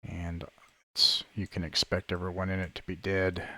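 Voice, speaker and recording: A man narrating a tabletop game as game master, describing scenes in a halting way full of fillers over an online call. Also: low-pitched, monotone, bright, forceful tone, no echo. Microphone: online call microphone.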